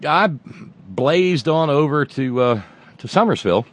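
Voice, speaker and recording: A man's voice: fairly high pitch, expressive, unhurried. A middle-aged man hosting a radio show, telling a casual, rambling story with restarts and wry asides. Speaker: radio host. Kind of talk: casual monologue.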